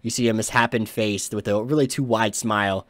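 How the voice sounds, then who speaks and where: Man, game master, narrating a tabletop game, halting with chuckles, dry close sound. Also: on the low side, fairly even intonation, no room sound.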